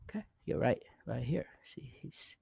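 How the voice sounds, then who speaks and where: A man giving a patient, encouraging spoken lesson, repeating words slowly and checking in with the learner. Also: mid-range voice, sing-song, gravelly, warm tone, breathy edge, dry recording. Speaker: Spanish teacher.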